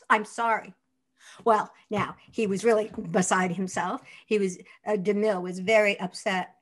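An older woman whose voice sits at an ordinary middle pitch, speaking as a guest in an interview. She tells stories with relish, laughing easily and putting on little voices for the people she quotes. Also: moderate pace. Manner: lively, laughing raconteur acting out quotes. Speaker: actress guest. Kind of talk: anecdotal interview storytelling.

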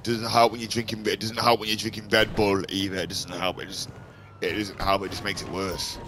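A man commenting on his own game, flipping between shouted swearing and low muttering to calm himself. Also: fairly quick, slight background noise. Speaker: gaming streamer. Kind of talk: casual gameplay commentary.

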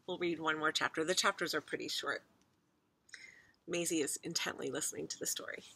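A woman's voice: deep voice, steady tone, a little fast, sharp tone, a little hiss or hum. A woman teacher reading a children's book aloud to her class, with chatty asides to the children.

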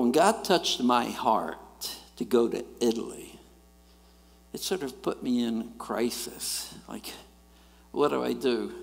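Gravelly man preaching in a church hall. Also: medium pitch. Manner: animated storytelling, jumps between loud and quiet. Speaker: guest preacher. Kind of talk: sermon. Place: church sanctuary.

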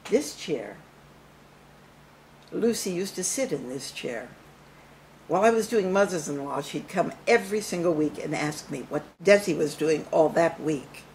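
At her home, an older woman entertainer reminisces to camera about show business, telling her stories in a theatrical, animated way. Her voice is low and unhurried, with slight background noise.

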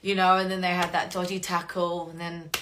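A woman's voice: lowish voice, little pitch movement, brisk, background noise. A woman with an English accent chatting casually to fans on a live-stream Q&A, rambling, swearing freely and getting emotional. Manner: gets emotional and laughs often. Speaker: voice actress hosting a fan Q&A stream.

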